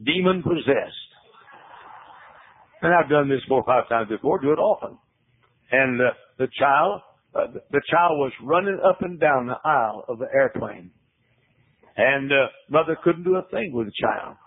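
Male preacher, folksy storyteller, husky, heard over thin phone-band radio. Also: lively intonation, moderate pace, long pauses. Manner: folksy storytelling, drops to low hushed tones. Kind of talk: sermon. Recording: tinny phone-like radio broadcast.

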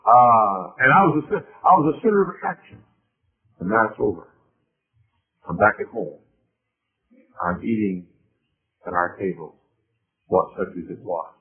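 An older man telling a childhood story in a sermon, halting at first and rising into emphatic preaching. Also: lowish voice. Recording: tinny phone-like recording.

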